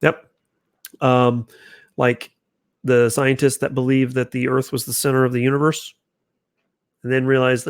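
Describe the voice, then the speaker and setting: A man's voice: mid-range voice, little pitch movement, measured pace, pauses often, smooth, no echo. Chatty male livestream host, dry sound. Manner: casual, chatty, restarts sentences, reacts to comments. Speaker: channel host. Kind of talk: casual livestream chat reading viewer comments.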